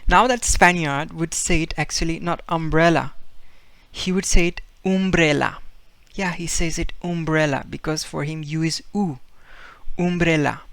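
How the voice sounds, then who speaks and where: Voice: mid-range voice, a bit bright, no room sound. A language teacher giving a casual video lesson, patiently repeating each word several times to demonstrate its sound, with a loose delivery full of fillers and restarts.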